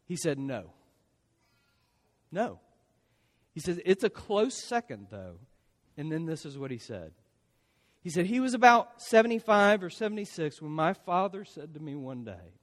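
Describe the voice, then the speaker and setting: Conversational male preacher in a reverberant hall. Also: fairly high pitch. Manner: conversational, often tags lines with "right?". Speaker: pastor. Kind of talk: sermon.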